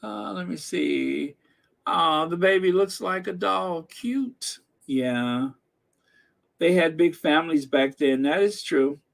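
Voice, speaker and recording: Host, middle-aged man from the Midwest: casual, slow-talking chat over live comments, slightly high voice. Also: creaky, fairly bright tone. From American Midwest. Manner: chatty, laughs often, reads comments aloud with frequent fillers.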